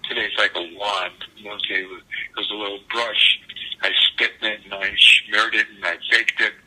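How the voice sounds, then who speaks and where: A man's voice: lowish voice, level tone, normal speed, pushed and bright, husky, rough recording. An older man recounting vivid memories as an interview guest, acting out the dialogue he quotes. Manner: vivid storyteller who acts out quoted dialogue.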